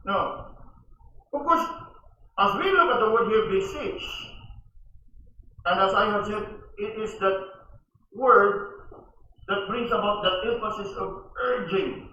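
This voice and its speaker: A man's voice: high voice, slow pace, pauses often, pushed and bright. A man preaching a sermon as pastor, emphatic and repeating key words, mixing in Cebuano phrases. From Philippines. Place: church hall. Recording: echoey church hall, distant mic, dull sound.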